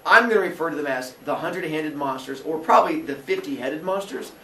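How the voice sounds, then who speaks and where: A man teaching a class, telling a myth in a comic way and jumping into quick character voices. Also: a little high. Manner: animated, jokey, acts out characters in quick voices. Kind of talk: comic storytelling lesson. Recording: roomy echo from far off with faint noise.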